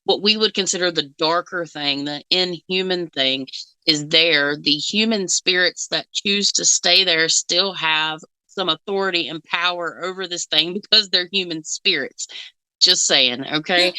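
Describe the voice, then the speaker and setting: A woman's voice: lowish voice, a little slow, bright, forceful tone, clean tone, no room sound, low-quality recording. A woman co-hosting a casual reaction chat as a psychic, rambling with fillers and frequent giggles. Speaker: psychic co-host.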